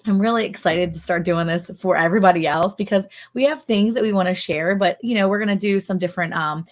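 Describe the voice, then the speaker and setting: A woman hosting a casual livestream chat, excited and chatty, with lots of fillers. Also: medium pitch, fast. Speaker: livestream host.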